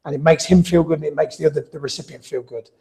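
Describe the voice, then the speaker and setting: Chatty man with a gravelly, mellow voice. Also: on the high side, fairly even intonation, very fast. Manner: chatty, anecdotal, frequent restarts. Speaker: gym sales trainer. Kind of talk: live online class, casual teaching. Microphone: video call style mic.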